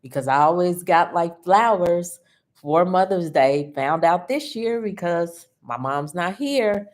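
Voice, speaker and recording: Slow-talking tearful woman, low pitch. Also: expressive. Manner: slow, emotional and personal, with frequent laughs. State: tearful, grieving. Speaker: host of a livestream. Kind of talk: casual livestream chat.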